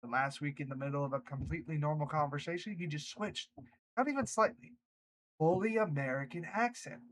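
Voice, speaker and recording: A man's voice: a little high, fairly quick, a bit bright, a little hiss or hum, low-quality recording. A man reading online workplace stories aloud, breaking off for chatty reactions. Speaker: reddit story narrator.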